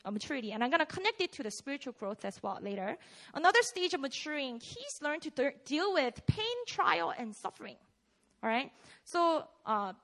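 A young woman in her twenties preaches in a relaxed, conversational way, with a high voice that swings widely in pitch. Her tone is bright and forceful. She keeps drawing the listeners in with questions. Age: 20s. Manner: animated, chatty, asks the audience questions. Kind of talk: casual sermon.

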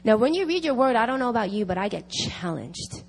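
A woman's voice: a little high, very animated, a little fast, vocal fry, slightly rough. Emphatic woman preaching a sermon. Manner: emphatic, repeats key phrases. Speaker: speaker at a prayer meeting. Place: church meeting.

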